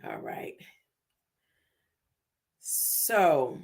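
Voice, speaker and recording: A woman hosting a spiritual livestream, speaking unhurried affirmations, laughing often and repeating words for emphasis. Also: extremely low pitch, huge pitch swings, gravelly, darkish tone, husky. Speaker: livestream host.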